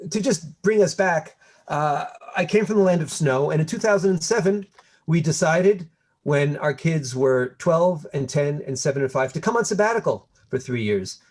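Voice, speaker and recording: A man in his fifties from Montreal, a guest historian speaking in a conversational lecture with an animated, wry storytelling manner over a video call. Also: fairly high pitch.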